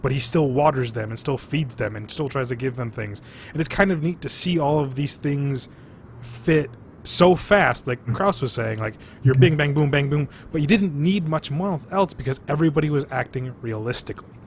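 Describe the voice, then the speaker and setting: Man, podcast co-host, mid-pitched, excitable and profane. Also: normal speed, a little hiss or hum. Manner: animated, swears freely, lots of fillers. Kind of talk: casual chat over drinks.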